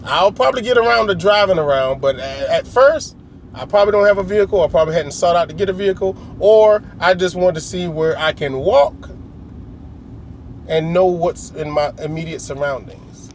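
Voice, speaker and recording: A man's voice: high-pitched, moderate pace, slight background noise. A middle-aged man telling a long, rambling story in a casual, slangy way, often acting out other people's lines. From United States. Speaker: vlogger.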